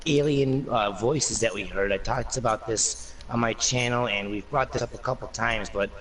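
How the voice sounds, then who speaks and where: A man's voice: medium pitch, normal speed, a bit bright. A man guesting on a casual gaming discussion, thinking aloud with lots of fillers. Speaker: guest panelist. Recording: distant mic with faint noise.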